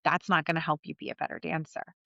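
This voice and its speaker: A woman's voice: low voice, flat delivery, fast talker, vocal fry, sharp tone, no echo, dull audio. A woman coach hosting her own podcast, talking candidly and conversationally and swearing casually. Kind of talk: solo podcast monologue.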